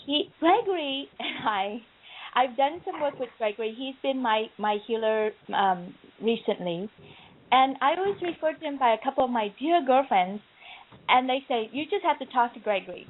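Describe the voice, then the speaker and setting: A gushing woman host talks in a bright, high register, laughing between her thoughts. Her voice comes through narrow and tinny, like an old internet radio call. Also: expressive, normal speed. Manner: bubbly, laughs often, effusive. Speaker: podcast host. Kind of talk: casual chat. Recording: tinny phone-like call audio.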